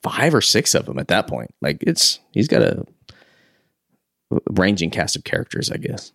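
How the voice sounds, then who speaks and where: Deep-voiced man riffing on a podcast. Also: wildly swooping pitch, moderate pace, gravelly, fairly bright tone, no echo, studio quality. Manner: easygoing, chimes in with jokes and pop-culture comparisons. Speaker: podcast co-host. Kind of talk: casual movie discussion.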